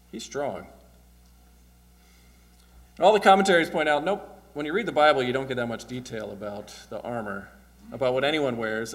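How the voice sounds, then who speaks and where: A male pastor delivers his sermon like a chat with his congregation. His voice sits in an ordinary middle pitch. He keeps checking in with a quick "right?" and lets small chuckles slip in. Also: fairly bright tone. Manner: casual, asks "right?" often, chuckles. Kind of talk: conversational sermon.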